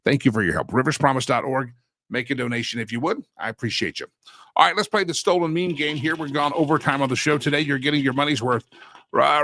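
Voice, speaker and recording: A man's voice: medium pitch, fast talker, pushed and bright, no echo. A man hosting a talk show, chatting casually in a folksy manner and breaking into a sing-song catchphrase. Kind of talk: casual monologue.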